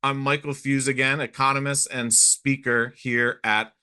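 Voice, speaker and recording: A man, an economist and speaker, giving a scripted business briefing, measured and putting emphasis on key phrases. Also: mid-range voice, little pitch movement, sharp tone, smooth.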